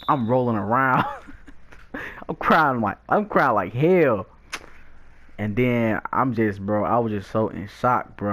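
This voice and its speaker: Young man telling a lively slangy story. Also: mid-range voice. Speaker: gaming YouTuber. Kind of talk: storytime while playing a video game.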